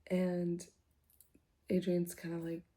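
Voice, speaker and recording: A woman softly retelling a novel's plot for sleep, in a casual, chatty way full of fillers, sometimes dropping to a whisper. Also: lowish voice, completely flat delivery, slow. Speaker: book reviewer. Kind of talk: soft-spoken ASMR book recap.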